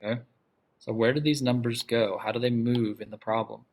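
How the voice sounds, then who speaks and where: Math teacher who keeps checking "okay?". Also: male voice, medium pitch, steady tone, a little fast. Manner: asks the class questions and repeats key ideas for emphasis. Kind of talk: classroom lecture.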